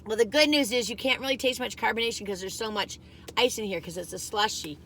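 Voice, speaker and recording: A woman's voice: a little high, quick pace, fairly bright tone, slight background noise. A chatty woman vlogging a food taste test, rambling as she eats and laughing often. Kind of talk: casual chat.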